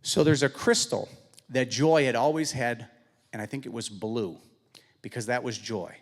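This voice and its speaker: A man of middle pitch gives a church testimony, telling stories and acting out conversations. His voice carries the long reverb of a large sanctuary. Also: normal speed. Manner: animated storytelling, acts out dialogue. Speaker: guest speaker.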